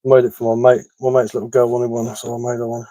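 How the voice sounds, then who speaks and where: A man's voice: mid-range voice, completely flat delivery, quick pace, mellow, no echo, poor audio. A man with a mixed West Sussex and London accent, chatting casually on a live stream and answering viewers' comments. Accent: West Sussex English mixed with London. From England. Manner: chatty, matter-of-fact, repeats words and says um often. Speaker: live-stream host, woodcarver.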